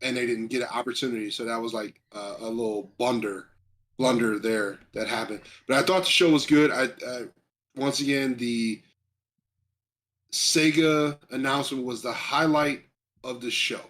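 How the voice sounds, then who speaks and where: A man co-hosting a casual live stream, chatting excitedly and rambling a little as he reads viewer comments aloud. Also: medium pitch, moderate pace. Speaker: stream co-host. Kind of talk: casual chat about video game awards.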